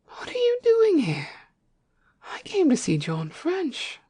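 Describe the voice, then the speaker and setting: A woman voicing a startled aristocratic English lady in an amateur full-cast dramatic reading, speaking in breathy gasps. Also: sits high, huge pitch swings, slow, dark tone, no room sound, exaggerated voice. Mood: astonished.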